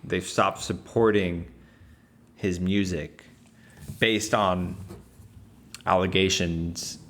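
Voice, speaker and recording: Deep-voiced man in casual talk. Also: steady tone, fairly bright tone, a little hiss or hum. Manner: measured, agreeing, with frequent backchannels. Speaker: podcast co-host. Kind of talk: casual discussion.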